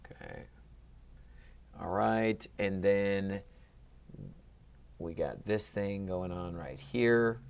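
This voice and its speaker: A man's voice: low voice, extremely slow, gravelly, pauses often, clear, resonant tone. A man tutoring a student through Ancient Greek accents, patiently quizzing and encouraging him in a friendly, upbeat way. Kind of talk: one-on-one lesson.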